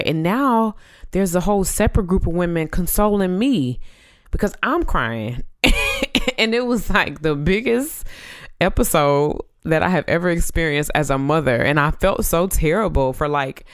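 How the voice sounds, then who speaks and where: A woman in her thirties hosting a podcast, telling a story in a chatty, animated way with many fillers. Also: deep voice, smooth, dry recording, clean studio sound. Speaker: podcast host. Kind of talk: casual chat.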